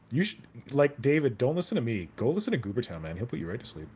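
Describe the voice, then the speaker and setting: A man's voice: mid-range voice, sing-song, fast, few pauses, warm tone, husky. Rambling jokey man streaming. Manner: rambling, jokey, answers viewer chat aloud. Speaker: hobby streamer. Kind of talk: casual live-stream chat.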